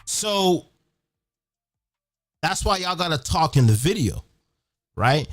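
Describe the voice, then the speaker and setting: Male host, lively swooping delivery, sing-song rant, music playing underneath. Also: on the high side, takes it slowly. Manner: animated, profane, half-singing lines. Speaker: event host. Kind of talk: excited monologue over a beat.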